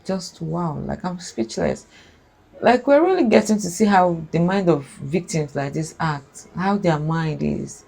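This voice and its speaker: A woman's voice: fairly low pitch, animated, measured pace, creaky, darkish tone, husky, poor audio. A woman hosting, reacting with stunned, reflective comments to a guest's story. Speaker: channel host.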